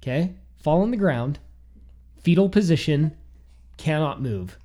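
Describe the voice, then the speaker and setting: Man telling a story in a dark, lively voice. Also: a little high, a little slow. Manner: animated, quotes himself and others. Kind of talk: casual chat.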